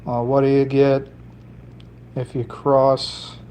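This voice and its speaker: A man's voice: mid-range voice, completely flat delivery, slow, warm tone, slight background noise. A man chatting casually on a solo livestream, rambling and cracking jokes to viewers while he works with his hands, with a slight put-on Italian lilt. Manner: rambling, jokey, talking to chat while working. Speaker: livestreamer building fishing lures.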